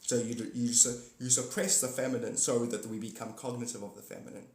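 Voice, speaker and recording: A man's voice: medium pitch, fairly even intonation, a little fast, darkish tone. Rambling man on a livestream, echoey room. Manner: giggly, jumps between topics, talks to viewers by name. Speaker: livestream host. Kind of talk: rambling casual livestream chat.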